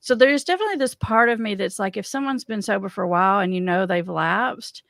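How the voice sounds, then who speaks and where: Creaky-voiced woman host, dry close sound. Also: mid-range voice, fast, a bit bright, no echo. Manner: thoughtful, questioning, talks through ideas with restarts. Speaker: host and addiction counselor. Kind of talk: casual conversational discussion.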